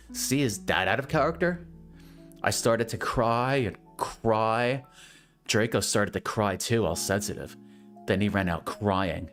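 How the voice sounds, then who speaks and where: A man's voice: lowish voice, a little slow, fairly bright tone, faint music behind. A man giving a comedic dramatic reading of a bad story, with incredulous, mocking asides. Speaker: reader.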